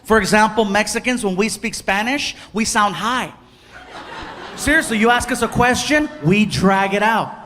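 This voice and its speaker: A man doing stand-up storytelling on stage, animated, acting out voices and yelling punchlines into a handheld mic. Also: high voice, normal speed. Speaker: stand-up comedian. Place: theater stage. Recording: live show with loud crowd and noise.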